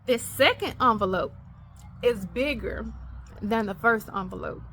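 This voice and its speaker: A woman hosting a podcast, telling a personal faith story in an animated way, acting out the dialogue. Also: on the high side, measured pace, a little hiss or hum. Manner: animated, acts out quoted dialogue. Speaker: podcast host.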